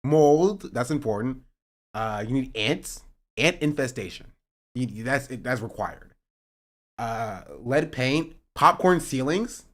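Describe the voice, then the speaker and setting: A young male streamer talks casually with his audience. His pitch swings widely as he jokes sarcastically. At times he works himself up into a heated rant. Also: slow. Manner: joking and sarcastic, reading chat aloud; rising to animated ranting. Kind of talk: casual livestream chat.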